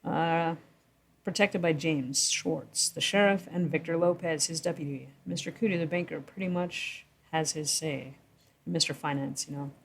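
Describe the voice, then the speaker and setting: A woman with a low, creaky voice reads from a story she wrote, giving casual vlog commentary at a normal speed. She rambles, corrects herself and chuckles between thoughts, with a faint hiss or hum on the recording.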